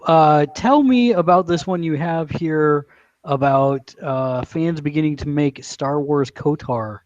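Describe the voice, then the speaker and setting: A man's voice: on the high side, slow, a little mellow, no room sound, dull audio. A man co-hosting a gaming podcast, chiming in with casual, joking asides. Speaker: podcast co-host.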